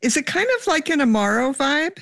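A woman's voice: high-pitched, animated, fairly quick, vocal fry, fairly bright tone, dry recording, clean studio sound. A woman hosting an interview, asking curious and friendly questions. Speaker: interview host.

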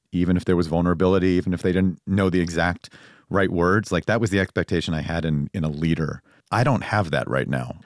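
A man's voice: very deep voice, darkish tone, dry recording, studio quality. A middle-aged man, a journalist and co-host, reflecting earnestly in a conversational political discussion. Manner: reflective, earnest, musing aloud.

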